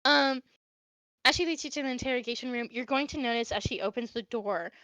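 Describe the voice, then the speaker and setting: A woman's voice: a little high, a little fast, bright, forceful tone, dry recording, rough recording. A young woman narrating a tabletop game as game master, chatty with many fillers.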